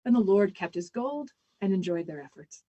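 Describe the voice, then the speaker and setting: A woman performs a story live, measured and full of dramatic pauses. Her voice is mellow and soft, with a husky edge. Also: medium pitch, big pitch swings, muffled recording.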